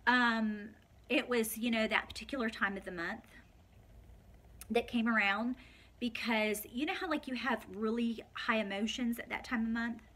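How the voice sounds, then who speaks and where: A woman's voice: on the high side, fairly even intonation, normal speed, fairly bright tone. A woman in her forties talking heartfelt and tearful in a personal vlog, full of fillers. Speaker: vlogger.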